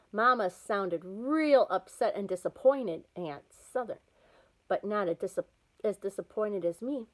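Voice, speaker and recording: A woman reading a children's novel aloud, with lively, expressive storytelling. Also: medium pitch, measured pace, poor audio. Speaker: storybook reader.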